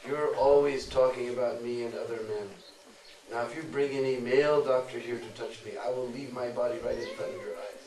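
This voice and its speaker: A woman's voice: rumbling low, steady tone, brisk, warm tone, voice pushed down. A man voicing a stubborn, indignant young woman, heard in an echoey, distant recording. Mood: defiant. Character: defiant proud young woman.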